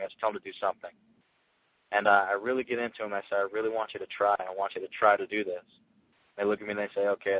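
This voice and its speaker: A man telling his success story as a guest speaker, energetic and earnest, in casual storytelling. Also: fairly low pitch, no room sound, dull audio. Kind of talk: motivational call talk.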